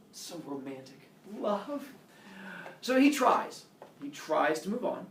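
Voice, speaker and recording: Animated male teacher in an echoey classroom. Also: sits high, takes it slowly, distant mic, slight background noise. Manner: animated, playful, theatrical. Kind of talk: classroom lesson. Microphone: camera across the room.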